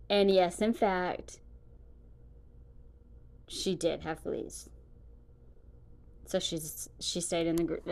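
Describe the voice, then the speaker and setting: A woman vlogger chatting casually to her viewers in a rambling way, full of "like". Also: mid-range voice. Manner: chatty, rambling, with frequent fillers like "like". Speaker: reaction vlogger.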